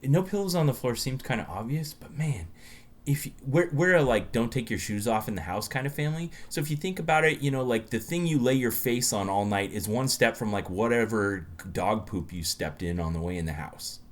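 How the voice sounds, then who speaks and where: A man's voice: medium pitch, lively intonation, a little fast. Easygoing man telling home stories. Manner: easygoing storyteller, laughs often. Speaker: podcast co-host. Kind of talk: casual chat.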